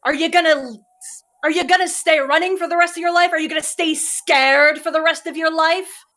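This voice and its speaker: Speaking as Curling in a tabletop role-play, a woman with an extremely high, sharp voice lays out her character's actions and curses sternly at another character. Her tone stays steady and her delivery is brisk.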